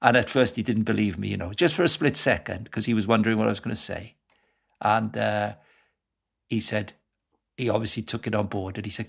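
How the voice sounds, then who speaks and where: A man's voice: fairly low pitch, brisk, gravelly, husky. A middle-aged Welsh man from Wales, a guest evangelist telling stories in a casual interview and laughing often. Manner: lively storyteller who laughs often.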